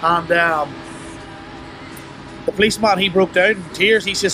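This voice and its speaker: A young man tells a painful story of remorse, his voice sitting fairly high. He stumbles and restarts, leaning on fillers as he goes. Faint music plays under him. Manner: halting, full of "you know" and restarts; remorseful, low and subdued. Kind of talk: personal confession interview.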